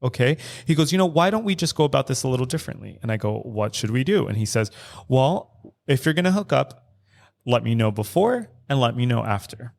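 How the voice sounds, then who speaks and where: A man's voice: mid-range voice, big pitch swings, a little fast, vocal fry. A man co-hosting a podcast, telling a candid personal story in casual chat, acting out quoted dialogue with lots of "like" and frequent swearing. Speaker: podcast co-host. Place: studio recording.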